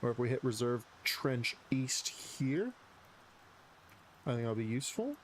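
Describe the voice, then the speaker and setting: A man's voice: mid-range voice, big pitch swings, a little slow, a little hiss or hum. A man live streaming, casually telling a story while gaming, rambling and swearing a lot.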